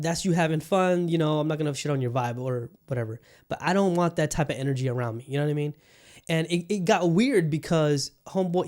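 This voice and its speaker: A man's voice: a little high, a little mellow. Profane rambling man in his thirties. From Bangladesh. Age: 30s. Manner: profane, rambling, frequent fillers. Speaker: podcast host. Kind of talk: casual storytelling.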